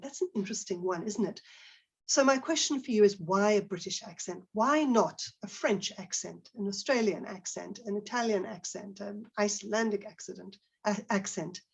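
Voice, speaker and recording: A woman's voice: mid-range voice, animated, normal speed, creaky, husky. A middle-aged woman giving an online talk to teachers, conversational and full of fillers and restarts, asking her audience questions.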